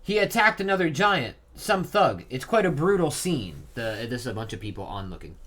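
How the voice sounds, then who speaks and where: A man's voice: medium pitch, big pitch swings, moderate pace, fairly bright tone. A man reading a comic chapter aloud and reacting in a casual, chatty way, with fillers like "uh" and "like". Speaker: manga reaction vlogger.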